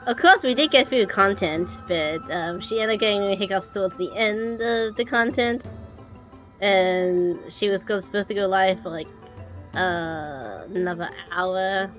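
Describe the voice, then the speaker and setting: A woman's voice: mid-range voice, a little slow, soft background music, low-quality recording. A young woman streaming a game, chatting casually in a rambling, hesitant way with lots of fillers. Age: young adult.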